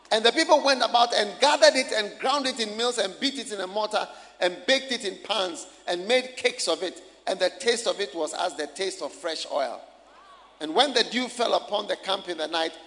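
High-voiced preacher man shouting in a hall. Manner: preaching with shouted emphasis and questions to the congregation. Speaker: pastor. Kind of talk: sermon. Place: church hall. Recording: live church recording with long hall reverb.

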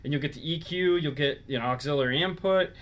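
A man's voice: fairly high pitch, fast, fairly bright tone. A man hosting a casual live-stream show, explaining car audio setups in a rambling, self-correcting way.

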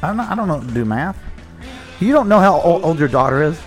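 A man's voice: a little high, very animated, a little fast, faint music behind. A man co-hosting a podcast, casually teasing the host and cracking jokes. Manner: teasing, joking, laughs often. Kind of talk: casual chat.

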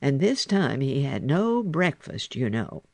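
A man narrating a children's animal storybook in an expressive, animated way. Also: mid-range voice, a little slow, gravelly, no echo. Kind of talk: storybook reading.

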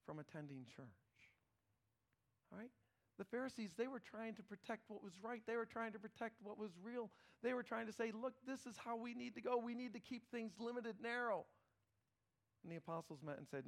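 A middle-aged male pastor preaching a sermon in a conversational, animated way, often repeating words as he starts phrases. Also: sits high, brisk.

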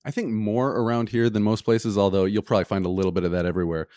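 Low-voiced man host, dry sound. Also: quick pace, no room sound. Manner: animated, acts out voices in anecdotes. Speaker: podcast host. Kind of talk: casual storytelling chat.

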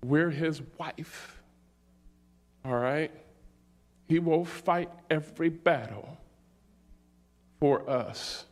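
A middle-aged man preaching a sermon, slow and emphatic, often checking in with "all right?". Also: on the high side. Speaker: pastor.

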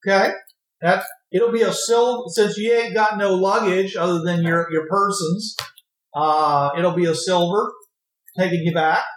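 A man's voice: high-pitched, steady tone, a little slow, echoey room, low-quality recording. A man doing a drawling frontier wagon driver. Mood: brisk. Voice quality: drawling, says "partner" and "ain't". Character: folksy old-West male wagon driver.

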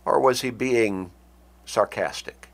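Slow, deliberate male preacher. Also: medium pitch, gravelly. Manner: slow, deliberate, dramatic pauses. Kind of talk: sermon.

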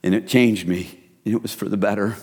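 A middle-aged man preaching a sermon as pastor, in a relaxed, conversational way that speaks to listeners as "you guys". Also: fairly low pitch, brisk, slightly rough. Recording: reverberant hall.

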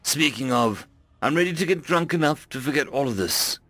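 Man as human hero, rattled, rueful, halting, dry sound. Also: a little high, expressive, pushed and bright, dry recording, voice pushed up.

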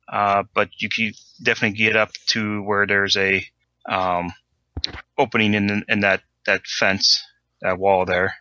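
A man's voice: lowish voice, pushed and bright. A man running a tabletop game as game master, in a hesitant way, with frequent ums and restarts. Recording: slightly dull lo-fi mic.

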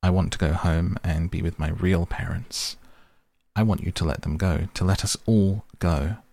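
A man's voice: deep voice, steady tone, moderate pace, creaky, dark tone. A man voicing a brave, stubborn young girl who speaks plainly and firmly. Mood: earnest. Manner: plain, earnest and firm.

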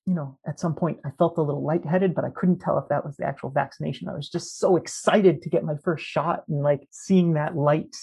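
A man with a gravelly, husky voice spins casual anecdotes in conversation. He is an animated storyteller who slips into the voices of people in his stories. His tone is rough-edged and slightly breathy. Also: on the high side, fairly quick, few pauses. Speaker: guest.

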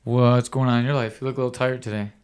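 A man's voice: medium pitch, little pitch movement, fast, darkish tone, clean tone. A man in his forties hosting a casual podcast. He jokes, teases and pokes fun at himself. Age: 40s. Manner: joking, teasing, self-mocking. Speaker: podcast host.

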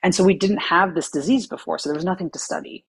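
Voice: mid-range voice, fast, vocal fry, husky. An expert guest on a podcast, patiently explaining science step by step. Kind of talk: explanatory interview answers.

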